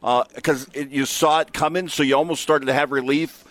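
A man's voice: fairly high pitch, fairly even intonation, brisk, a bit bright. A man answering questions as a radio guest, thoughtful and a little hesitant. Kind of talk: interview answer.

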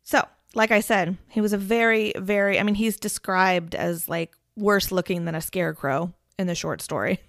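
A woman's voice: medium pitch, fairly even intonation, normal speed, creaky, few pauses, no echo, studio quality. A woman in her thirties hosting a podcast, telling a story in a chatty way and laughing often. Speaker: podcast host. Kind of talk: casual storytelling chat.

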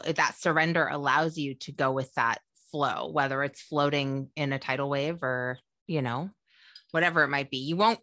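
A woman co-hosting a relaxed podcast, talking like the therapist she is. Her voice sits low yet sounds bright and forceful, and she chats animatedly, laughing often. The sound is close and dry. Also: no echo. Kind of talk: casual podcast chat.

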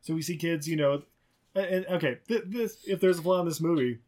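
A man's voice: fairly high pitch, fairly quick, a little mellow. Profane, rambling man recapping a movie. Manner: rambling, profane, laughs often and slips into mocking voices. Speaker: podcast co-host. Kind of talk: casual movie recap chat.

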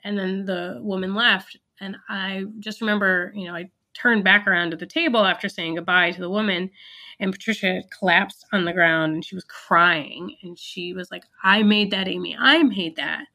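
A woman's voice: on the low side, fairly even intonation, moderate pace, pushed and bright. A woman who founded a business, telling an earnest, reflective story in an interview, with fillers and restarts.

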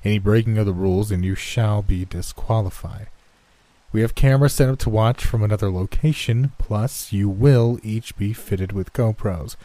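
A bored, aloof company boss, as a male narrator reads him, speaking in a low, mellow monotone. His words come out flat and detached, as if reading from a script. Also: normal speed, no room sound, close to an everyday voice.

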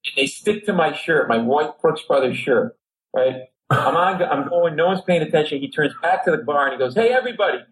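A man's voice: a little high, normal speed, rough recording. A middle-aged man from Rhode Island, a comedian telling a long story on a talk show and acting out the people in it. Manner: animated, acts out characters in his stories. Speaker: comedian guest.

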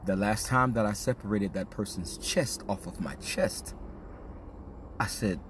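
A man's voice: lowish voice, unhurried, a bit bright, a little hiss or hum. A man hosting a podcast, telling a personal story in a casual, slang-heavy, confessional way. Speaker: podcast host. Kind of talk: candid storytelling monologue.

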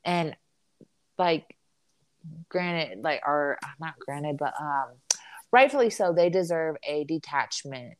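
A woman in casual chat, talking about her husband and family in a chatty, animated way with many fillers. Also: sits low, takes it slowly, pauses often. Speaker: podcast co-host, military spouse.

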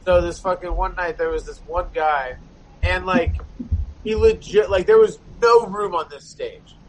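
A man's voice: sits high, a little slow, low-quality recording. A man in a band telling a long, rambling story in casual chat, swearing constantly and packing his talk with fillers.

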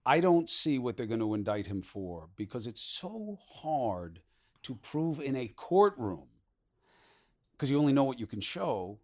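A man with a mid-range voice hosts an interview podcast. He talks quickly and casually, with plenty of fillers and asides. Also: mid-range voice, very animated, darkish tone. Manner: quick, conversational, with many fillers. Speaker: podcast host.

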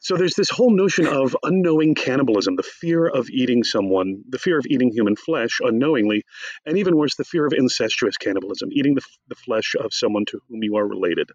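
With a mid-range voice and a quick pace, the theater professor and author chats wryly in a conversational interview, telling stories with animation. The close mic gives a dry recording that's a little dull and lo-fi.

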